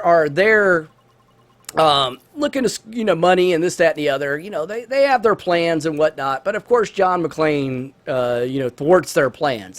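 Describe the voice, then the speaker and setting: Lively high-voiced man rambling casually. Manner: rambling, chatty retelling with many restarts. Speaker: let's-play host. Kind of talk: casual movie review while gaming.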